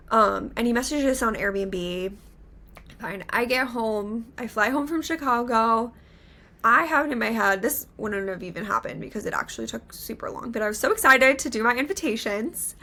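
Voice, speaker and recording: Bright-voiced young woman telling a story. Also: fairly high pitch, moderate pace. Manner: animated, many filler "like"s. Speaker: podcast co-host. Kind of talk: casual storytelling chat.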